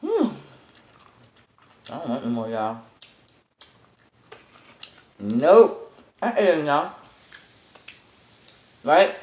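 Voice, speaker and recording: Lively low-voiced woman telling a story. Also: very slow, long pauses. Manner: animated storytelling with squealing exclamations and laughter. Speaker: eating-show vlogger. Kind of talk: casual storytelling while eating. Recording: echoey room with faint music.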